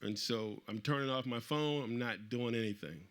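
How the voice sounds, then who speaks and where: A middle-aged man tells a personal story to a live audience, his voice bright and forward. He is animated and acts out the people he quotes. His pitch sits in an ordinary middle range. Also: moderate pace. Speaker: author speaking at a book event.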